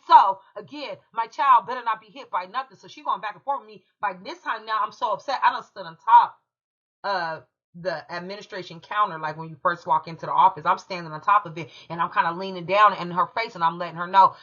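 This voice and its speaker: A woman's voice: mid-range voice, fast talker, a bit bright, dull audio. A woman from California, a channel host telling a heated personal story in an emphatic, profane way. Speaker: true crime commentary channel host.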